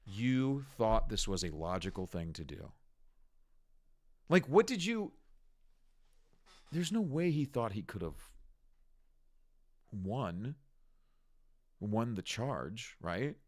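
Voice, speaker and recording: A man ranting through commentary on clips, exasperated and mocking as he swears his way through it. His pitch swings widely, leaping up when he gets worked up and dropping low when he turns scornful. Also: big pitch swings, takes it slowly, long pauses, a little mellow. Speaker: commentary host.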